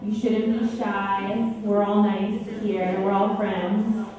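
A woman's voice: medium pitch, flat delivery, slow pace, mellow. A woman hosting a live storytelling event, who introduces performers and coaxes the audience to join in. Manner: friendly, coaxing the audience to take part. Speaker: event host. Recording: very echoey room, voice from far off.

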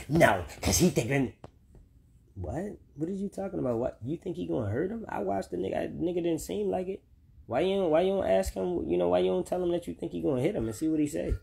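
A man's voice: high-pitched, fast talker, vocal fry, mellow, slight background noise. A man speaking to viewers about his children, heated and repetitive, swearing often. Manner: talks directly to listeners. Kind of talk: unscripted personal vlog rant.

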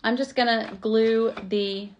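A woman's voice: fairly high pitch, steady tone, slow, highs cut off, a little hiss or hum. A woman, chatting to viewers while working on a craft project at her table at home. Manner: chatty, self-deprecating, talks to viewers as y'all. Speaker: craft vlogger. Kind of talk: live craft tutorial chat.

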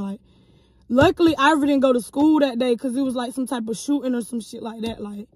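High-voiced woman telling a heated story. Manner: animated, profane, addresses viewers as y'all. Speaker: vlogger. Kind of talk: casual storytime vlog.

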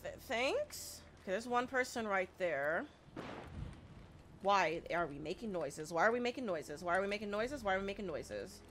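A woman doing let's play commentary, excitable, panicking and swearing, often repeating herself. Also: mid-range voice, moderate pace, slight background noise. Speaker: gaming YouTuber.

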